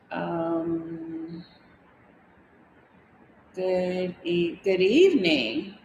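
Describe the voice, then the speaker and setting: A woman's voice: mid-range voice, a little hiss or hum. A woman hosting a casual livestream from her house, rambling chattily and reading viewer comments aloud. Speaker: DIY and design vlogger. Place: house interior in Mexico. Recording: echoey room with long reverb.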